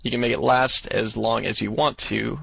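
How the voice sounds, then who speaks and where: A young man co-hosting a casual gaming podcast, relaxed and quick to chuckle. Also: mid-range voice, gravelly, slightly rough, no echo, poor audio. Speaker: podcast co-host.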